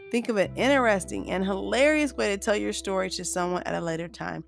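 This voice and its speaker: A woman hosts a solo motivational podcast in an upbeat, chatty way, breaking into laughter as she talks straight to her listeners. Her mid-pitched voice carries a lot of vocal fry. Soft music plays faintly underneath. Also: brisk. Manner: upbeat, chatty, laughs often while talking; addresses listeners warmly as "you guys". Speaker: podcast host.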